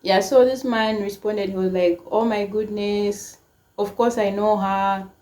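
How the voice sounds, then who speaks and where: A woman's voice: medium pitch, a little slow. Young woman telling a personal story. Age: 20s. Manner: emotional, frequent "like" fillers, animated quoting. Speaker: storytime vlogger. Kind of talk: casual storytelling to camera.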